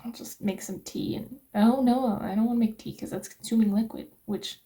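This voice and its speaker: A young American woman chatting casually to her vlog viewers from a rented flat, rambling and laughing often. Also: a little high, normal speed. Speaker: vlogger. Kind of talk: casual vlog chat to camera.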